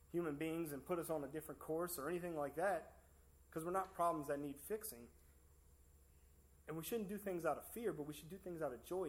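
A man giving a sermon in a church service, in a casual, conversational way full of fillers and restarts. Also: on the high side. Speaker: preacher.

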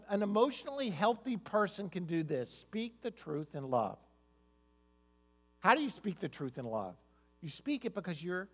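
A man preaching a sermon as pastor, talking in a conversational way and often repeating the first words of a sentence. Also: high-pitched.

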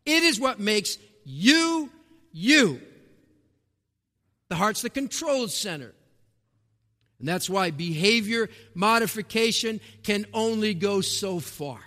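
A man preaching a sermon, emphatic, with rhetorical questions, rising to shouts and dropping to a hush, in a church sanctuary. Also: high voice, very animated, takes it slowly, long pauses. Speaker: pastor. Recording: long reverb of a large hall.

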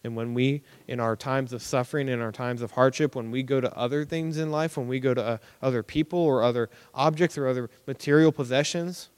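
A young man giving a casual, conversational sermon as a preacher, animated and acting out everyday reactions. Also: medium pitch, brisk, few pauses, smooth. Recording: long hall reverb.

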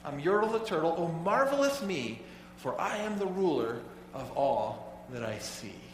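A man's voice: fairly high pitch, sing-song, unhurried, a little hiss or hum. A man voicing a vain, boastful male turtle king in a storybook reading, heard from a distance in an echoey hall. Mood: gloating. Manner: proud, grandiose, proclaiming.

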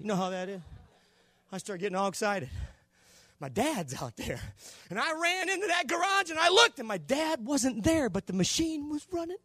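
An older man preaching a Pentecostal sermon, telling a story and acting out the dialogue, going from hushed to shouting. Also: very high-pitched, very animated, normal speed, no room sound. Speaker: pastor.

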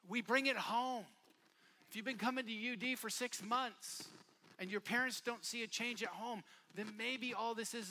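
A man preaching a sermon at a youth camp, casual and repetitive, building from quiet talk to shouting bursts. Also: sits high, a little hiss or hum. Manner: casual, repeats phrases for emphasis. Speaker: youth pastor. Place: camp meeting hall.

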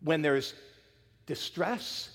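A man preaching a sermon, retelling a story with acted quotes and dropping from loud emphasis to near-whispers. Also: on the high side, animated, very slow, long reverb tail. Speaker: pastor.

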